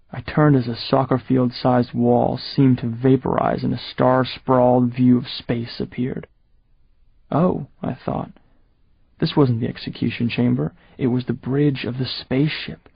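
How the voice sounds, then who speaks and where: A man narrating a first-person audiobook in a steady, measured storytelling voice. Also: mid-range voice, creaky, husky, dry recording, muffled recording.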